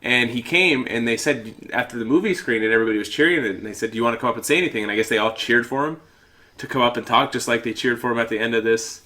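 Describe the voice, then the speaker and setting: A man co-hosting a podcast, sick and coughing, chatting casually about movies with restarts and quick laughs. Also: mid-range voice, pushed and bright. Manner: rambling, restarts, laughs easily. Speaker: podcast co-host. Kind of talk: casual chat.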